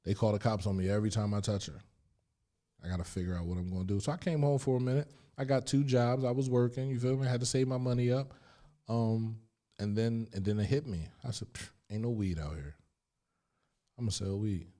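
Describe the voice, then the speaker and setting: A middle-aged man from Chester, Pennsylvania, a guest telling his life story candidly, emphatic and animated, full of street slang. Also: mid-range voice, quick pace.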